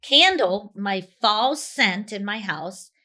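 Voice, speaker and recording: A woman's voice: medium pitch, lively intonation, slow, bright, forceful tone. A woman co-hosting a casual chat with friends, talking expressively. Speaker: co-host.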